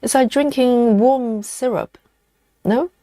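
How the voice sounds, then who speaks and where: A woman's voice: fairly high pitch, slow, dark tone, dry recording, clean studio sound. A woman hosting a casual live stream, chatting and reading viewer comments aloud as she goes.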